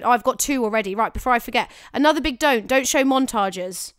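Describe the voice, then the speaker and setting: Clear-voiced chatty woman. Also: fairly high pitch, fast talker, no room sound, studio quality. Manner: chatty, emphatic, self-correcting. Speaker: podcast co-host giving acting advice. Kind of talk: casual chat.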